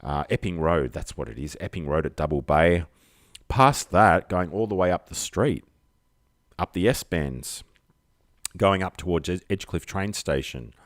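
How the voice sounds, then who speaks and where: A man's voice: low-pitched, animated, unhurried, no echo, clean studio sound. An Australian man hosting a casual live stream, rambling through jokey, chatty asides to his viewers. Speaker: host.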